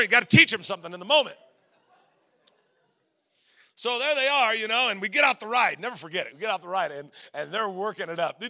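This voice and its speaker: A middle-aged man from Southern California preaching a sermon, telling a personal story with lively voices for the people in it. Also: high-pitched, creaky. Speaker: guest preacher.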